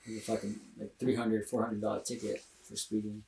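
A man's voice: on the low side, monotone, fairly quick, far from the mic, background noise. A young adult man in a casual podcast chat, rambling with many fillers and slang. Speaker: podcast co-host. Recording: roomy, from the mic.

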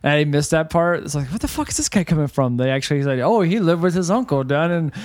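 Lively high-voiced man reviewing films. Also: fast talker. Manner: animated, joking, swears freely. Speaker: podcast co-host. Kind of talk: casual movie-review chat.

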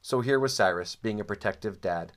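Man, lowish voice, casual recollection, hesitant, frequent restarts, dry wry asides. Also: a little fast. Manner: hesitant, many ums and restarts. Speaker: storyteller. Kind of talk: casual spoken recollection of childhood.

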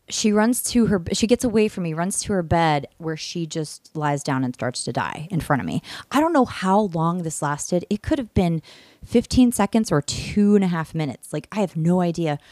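A woman telling a story in casual podcast chat, lively and swearing freely, acting out what she said back then. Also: medium pitch, no echo, clean studio sound. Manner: animated, swears freely, acts out her own screams and quotes.

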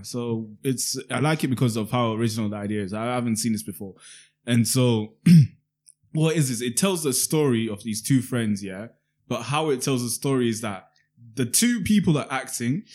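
Young guy, brisk and lively, lots of slang, recounts at length. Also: medium pitch. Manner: animated storytelling with heavy slang. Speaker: podcast co-host. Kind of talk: casual chat.

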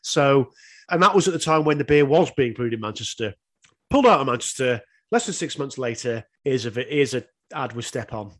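Speaking fairly quickly in a mid-range voice, a podcast co-host in his thirties chats casually about an album he's reviewing. Laughter comes often, and so does the odd swear word.

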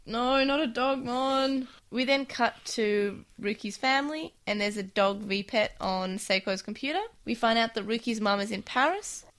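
A woman co-hosting a casual chat review, chatty, summarizing the plot with quick asides. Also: medium pitch, a bit bright. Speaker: podcast co-host.

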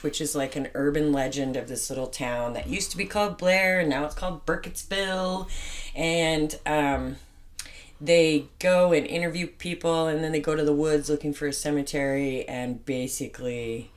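A woman's voice: deep voice, steady tone, normal speed. Dry-humored middle-aged woman. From Pacific Northwest, US. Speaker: guest co-host, host's mother. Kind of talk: casual movie podcast chat.

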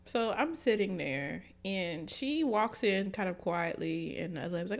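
A woman co-hosting a casual podcast, telling a story with lively energy and plenty of swearing. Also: medium pitch, a little slow, creaky. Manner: animated storytelling, swears freely. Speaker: podcast co-host. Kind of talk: casual chat.

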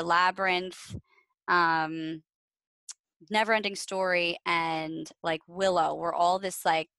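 A woman's voice: on the low side, no room sound, low-quality recording. Woman cohost rambling in casual chat, lots of likes, dry close mic. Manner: rambling, lots of "like" fillers, animated. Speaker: podcast co-host.

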